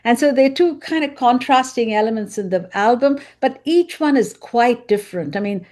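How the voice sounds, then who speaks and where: A woman's voice: a little high, animated, normal speed, a little mellow. Earnest woman composer, self-correcting. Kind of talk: video call panel talk.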